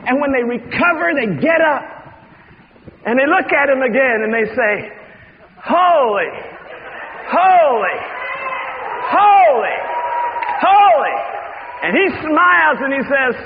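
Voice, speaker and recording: A man preaching a sermon, telling stories with dramatic swings from hushed tones to shouts. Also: very high voice, animated, moderate pace, some chatter behind, a little hiss or hum. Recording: dull reverberant hall recording.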